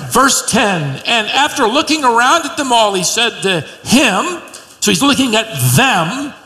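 A man preaching with an animated storyteller's delivery, his voice high and bright. Now and then he acts out a quoted line. The sound carries a long reverb from the sanctuary around him. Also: a little slow. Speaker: pastor. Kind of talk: sermon.

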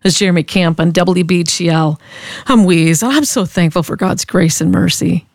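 A woman's voice: on the low side, moderate pace, gravelly, no echo, clean studio sound. A woman radio host telling a personal devotional story in an earnest, storytelling way.

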